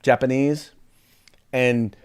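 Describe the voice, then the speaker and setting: A man's voice: medium pitch, fairly even intonation, takes it slowly, smooth. A man hosting a political talk show, giving short sarcastic agreements and telling stories loosely with many fillers. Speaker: host.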